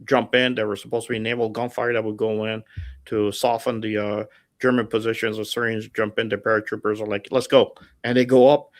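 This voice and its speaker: A middle-aged man with a gravelly, rough-edged voice tells stories casually. He talks with energy, trails off into fillers and acts out the people in his stories. The sound is close and dry, with no room around it. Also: lowish voice, little pitch movement, fairly quick, dry recording. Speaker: guest storyteller. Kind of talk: casual storytelling. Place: home setup over a livestream call. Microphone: remote call mic.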